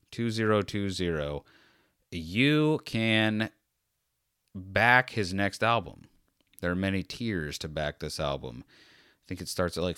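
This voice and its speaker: A man talks alone into a close microphone for his podcast, tired and meandering, with dry, sarcastic, self-deprecating humor. His voice sits on the low side and sounds smooth and resonant. The recording is dry, with no room sound. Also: fairly bright tone, no room sound. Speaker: podcast host. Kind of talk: rambling solo podcast talk.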